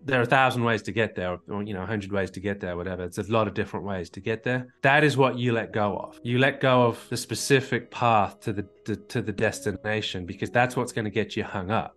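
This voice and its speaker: Low-voiced man coaching on a call. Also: a bit bright. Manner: explains with analogies and repeated rhetorical questions. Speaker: relationship coach.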